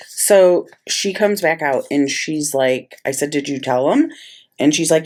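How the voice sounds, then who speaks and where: A woman's voice: sits low, slow pace, darkish tone, a little hiss or hum. A middle-aged woman casually telling a story while she plans, chatty and exasperated. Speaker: planner vlogger.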